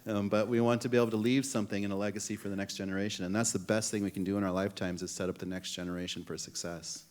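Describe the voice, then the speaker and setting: A man's voice: lowish voice, little pitch movement, rapid-fire, darkish tone. A man in his fifties, a chef speaking earnestly as a panel guest on an auditorium stage. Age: 50s. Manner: earnest, uses "you know" often. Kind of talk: panel conversation.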